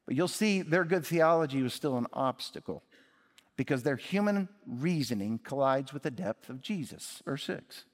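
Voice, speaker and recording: A man's voice: mid-range voice, lively intonation, normal speed. A man preaching a sermon from the stage of a church, emphatic, swinging his voice up and down for effect. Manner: emphatic, rising and dropping for effect. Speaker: pastor. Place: church sanctuary. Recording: long reverb of a large hall.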